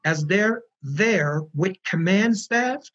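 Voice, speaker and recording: Husky, high-voiced earnest storyteller, man. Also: takes it slowly, lo-fi sound. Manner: earnest, animated storyteller who repeats words for emphasis. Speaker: founder of a prisoner reentry program. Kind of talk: storytelling in an online panel interview.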